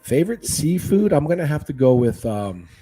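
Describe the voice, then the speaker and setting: A man who is a guest fishkeeper, chatting casually in an interview with a laid-back, animated manner. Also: a little high, normal speed, husky, faint music behind. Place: living in Northern California.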